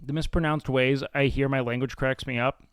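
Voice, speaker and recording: A man's voice: medium pitch, steady tone, a little fast, clear, resonant tone, dry recording, studio quality. A man hosting a livestream, chatting casually and reading chat in a blunt, profane, self-mocking way. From Mexican and Salvadoran heritage. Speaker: livestream host.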